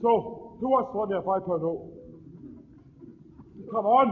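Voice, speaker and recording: Scottish man, stand-up comic, high voice, swearing rants, tinny phone-like sound. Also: animated, unhurried, long pauses, slight background noise. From Scotland. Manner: profane, ranting, sardonic. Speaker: stand-up comedian. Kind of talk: stand-up routine.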